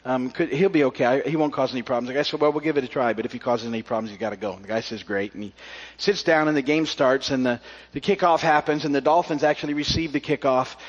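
A man's voice: medium pitch, fast talker. A man preaching a sermon as pastor, telling a story in a folksy way with many fillers and restarts before reading scripture. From South Florida. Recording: muffled recording with long hall reverb.

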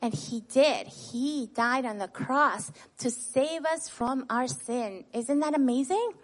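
High-voiced woman telling kids a Bible story. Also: slow pace. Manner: lively and expressive, tags nearly every sentence with "right?"; asks the children questions and then answers them. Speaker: children's Bible teacher. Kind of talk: retelling a Bible story to children.

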